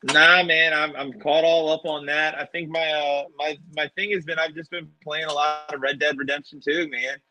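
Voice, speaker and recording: A man's voice: fairly high pitch, little pitch movement, normal speed, hardly any pauses, sharp tone, rough recording. A man, a professional wrestler, telling stories in a casual interview, acting out quotes with animation.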